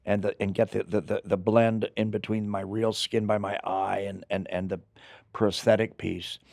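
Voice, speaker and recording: An older man, an actor, telling rambling, animated stories in an interview, with acted asides. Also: lowish voice, normal speed, creaky, no room sound, studio quality. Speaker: actor guest. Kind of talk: anecdotal interview storytelling.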